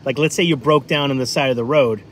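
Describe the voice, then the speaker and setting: A man's voice: mid-range voice, quick pace, slight background noise. Chatty New man on a livestream. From New England. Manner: rambling, chatty, lots of fillers. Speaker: livestream food vlogger. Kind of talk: casual live-stream chat.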